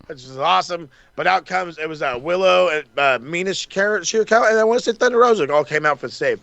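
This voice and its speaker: A man co-hosting a podcast, recapping wrestling in a casual, animated and profane way, acting out the wrestlers' lines. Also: on the high side, fairly quick, vocal fry, no room sound, dull audio. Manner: animated, swears a lot, acts out wrestlers' lines. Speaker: podcast co-host.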